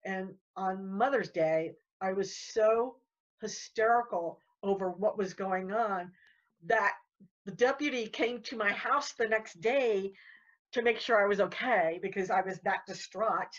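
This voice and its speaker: A woman's voice: medium pitch, highs cut off. A woman guest telling her story in casual chat, rambling and repeating words. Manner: rambling, repeats words, talks fast when worked up.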